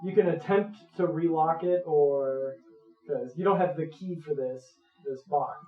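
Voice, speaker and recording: A man's voice: a little high, unhurried. A man running a tabletop game as game master, laid-back and chuckling now and then. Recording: echoey room, dull lo-fi audio.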